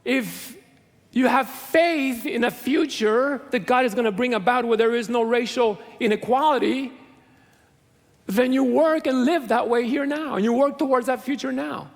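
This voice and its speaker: A man's voice: very high-pitched, normal speed, gravelly. A middle-aged male pastor preaching a sermon in a church, earnest and conversational with self-deprecating humor. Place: large church sanctuary. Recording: long reverb of a church hall.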